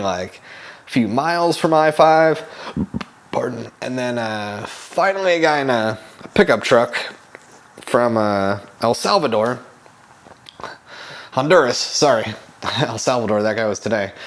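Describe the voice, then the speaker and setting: A young man telling a travel story in a casual, rambling way, laughing often and swearing. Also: fairly low pitch. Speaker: travel show host.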